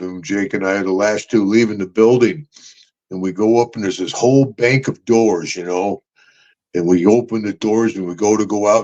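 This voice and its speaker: An older American man with an American accent, telling lively road stories as an interview guest, chuckling and calling people brother. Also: fairly low pitch, highs cut off. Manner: animated storyteller, chuckling, calls people brother. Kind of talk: storytelling interview.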